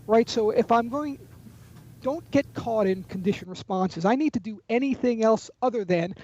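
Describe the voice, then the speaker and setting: A man's voice: high-pitched, normal speed, dark tone, dry recording, muffled recording. A man who trains salespeople, explaining call techniques in a webinar with a confident coaching manner. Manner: coaching, confident, acts out sample phone calls. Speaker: sales trainer and author, guest. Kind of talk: webinar explanation with role-played call examples.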